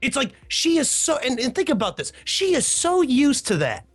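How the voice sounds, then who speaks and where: A high-voiced man chats on a podcast, telling stories in an animated way with big pitch swings. He throws in quick asides. Faint music plays underneath. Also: breathy edge. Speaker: podcast host. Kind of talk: casual podcast chat.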